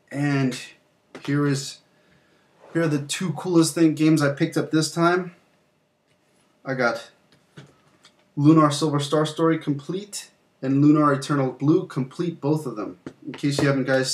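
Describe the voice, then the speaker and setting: A man's voice: mid-range voice, steady tone, normal speed, long pauses, slight background noise. Young man chatting about his game collection. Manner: loose, rambling, with fillers and mild swearing. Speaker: channel host. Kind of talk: casual game collection show-and-tell.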